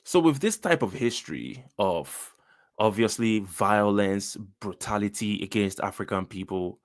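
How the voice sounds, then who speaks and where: A man's voice: on the low side, animated, unhurried. A man with a Nigerian accent hosting a political commentary channel, speaking in an emphatic, direct way and addressing his listeners.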